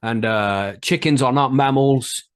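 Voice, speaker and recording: A man's voice: medium pitch, measured pace, smooth. An English man co-hosting a podcast, chatting casually and joking, swearing often and rambling with restarts. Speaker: podcast co-host. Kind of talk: casual comedic chat.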